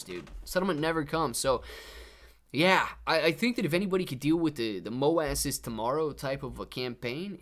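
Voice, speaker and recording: A man's voice: a little high, fairly bright tone. A young man hosting a casual live stream, chatting with viewers, laid-back and peppering every sentence with "dude" and "man". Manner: laid-back, says "dude" and "man" constantly, reads chat aloud. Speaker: livestream host.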